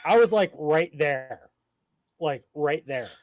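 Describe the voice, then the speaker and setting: A man with a voice a little higher than most tells a story on a live podcast. He is emphatic and profane and retells it in an animated way. The sound is close and dry, with no room around it. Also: takes it slowly, no echo. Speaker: podcast co-host. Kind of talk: casual storytelling.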